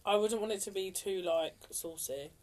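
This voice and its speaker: A woman's voice: mid-range voice, moderate pace. A young woman co-hosting a casual podcast chat, telling stories and acting out what people said. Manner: chatty storyteller, acts out quotes. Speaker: podcast co-host.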